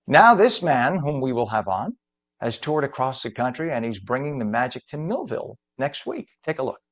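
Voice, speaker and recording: A middle-aged man hosts a morning TV show in a chatty, slightly rambling way. His voice sits at an ordinary mid pitch, and he moves easily between banter, traffic reports and guest introductions. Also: very animated, moderate pace. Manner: chatty, rambling, self-deprecating. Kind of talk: live TV news and talk hosting.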